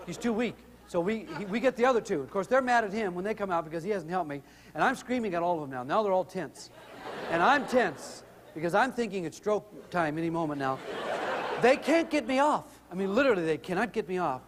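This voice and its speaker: A middle-aged man telling humorous family stories in an animated way to an audience. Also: fairly quick, big-room sound, background noise. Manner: animated, rises in pitch when excited. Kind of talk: humorous storytelling talk.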